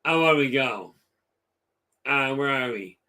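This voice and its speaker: A man's voice: medium pitch, expressive, slow pace, pushed and bright. A middle-aged man hosting a live stream, chatting casually with viewers and telling rambling stories full of fillers. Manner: rambling storyteller, lots of fillers.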